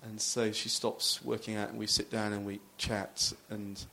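A man's voice: lowish voice, level tone, measured pace, vocal fry, bright, forceful tone, slight background noise. A man, a pastor, preaching a sermon in a loose, conversational storytelling way with frequent restarts.

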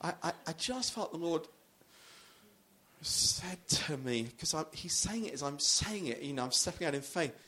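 A man's voice: a little high, expressive, normal speed, bright, forceful tone, slightly rough. A man, a pastor, preaching a sermon in a loose, conversational storytelling way with frequent restarts.

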